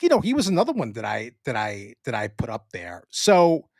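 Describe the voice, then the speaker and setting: A man co-hosting a casual sports podcast with a New York accent, talking in an animated way with frequent swearing and restarts. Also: medium pitch, fairly quick, no room sound, clean studio sound. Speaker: podcast co-host.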